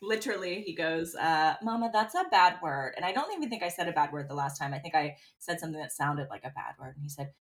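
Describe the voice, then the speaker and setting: A woman's voice: deep voice, fast talker, hardly any pauses. A woman in her thirties co-hosts a casual podcast. She tells rambling, candid stories and swears without a second thought. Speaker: podcast co-host. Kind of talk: casual chat.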